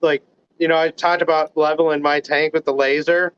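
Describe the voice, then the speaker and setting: A man's voice: fairly high pitch, flat delivery, normal speed, clean tone, no room sound. A man from the Chicago area calling in over a video call, telling stories animatedly and acting out the dialogue. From United States, Chicago area. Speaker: guest caller. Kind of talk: casual storytelling chat. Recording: dull lo-fi call audio, dry.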